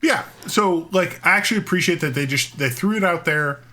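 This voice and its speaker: A man co-hosting a podcast in casual chat, animated and rambling, with frequent restarts and casual swearing. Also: fairly high pitch, brisk. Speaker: podcast co-host.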